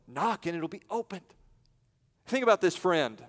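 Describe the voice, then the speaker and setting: A man preaching a sermon in a church, with dramatic pauses, and acting out the voices in the stories he tells. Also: high-pitched, lively intonation, fairly bright tone, big-room sound. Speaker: pastor. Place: church sanctuary.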